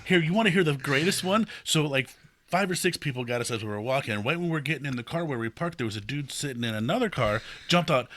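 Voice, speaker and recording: A man with an Ohio accent co-hosting a casual podcast, telling stories in an animated way and acting out people he met, swearing freely. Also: mid-range voice, fast talker, no echo. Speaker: podcast co-host. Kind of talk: casual chat.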